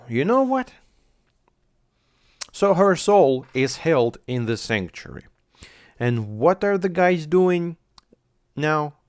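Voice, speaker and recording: A man's voice: fairly high pitch, no echo, studio quality. A man giving casual reaction commentary on an anime at home, rambling, swearing and thinking aloud. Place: home, on a squeaky chair.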